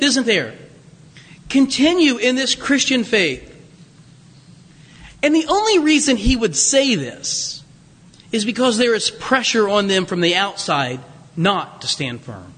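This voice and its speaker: High, lively male preacher in a reverberant hall. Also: slow pace, long pauses, slightly rough. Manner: animated storytelling with humor and asides. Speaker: pastor. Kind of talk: sermon.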